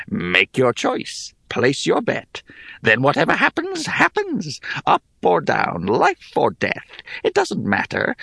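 A man's voice: on the high side, creaky, fairly bright tone, husky, no room sound, clean studio sound, pitched above the performer's own voice, heavily acted. A man voicing an ancient bald hag who gambles on everything, talking in a lazy, sly drawl.

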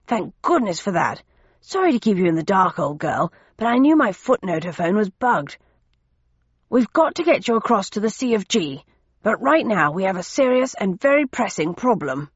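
Brief: woman reader as a clipped, hurried older gent, dull audiobook sound. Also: mid-range voice, sing-song, breathy edge, no room sound. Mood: urgent. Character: brisk fussy older English gentleman official.

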